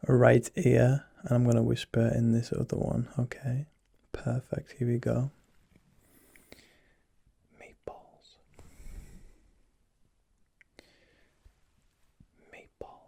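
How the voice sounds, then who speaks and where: In a whispered role-play, a young man teases as a doctor, his low, husky voice soft yet gravelly with a dark, mellow warmth. There's little pitch movement, his speed is normal with few pauses, and the close, dry mic picks up no echo.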